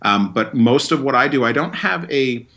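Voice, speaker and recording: A man's voice: mid-range voice, expressive, moderate pace, a bit bright. A man from Vermont, a DJ guest on an interview show, talking in an easygoing, hesitant way with fillers. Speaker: guest, wedding DJ. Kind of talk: casual interview chat.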